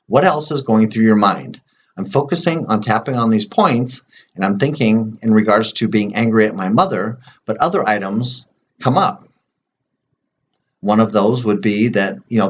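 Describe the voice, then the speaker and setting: A man explaining and demonstrating a tapping routine, speaking slowly and plainly with many fillers and pauses, sometimes murmuring repeated phrases softly. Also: on the low side, husky, muffled recording. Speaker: EFT tapping practitioner.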